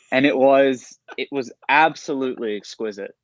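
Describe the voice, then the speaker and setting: A man co-hosting a casual livestream chat, animated and jokey. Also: medium pitch, brisk, no echo, muffled recording. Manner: animated, jokey, reads menus aloud. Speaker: co-host.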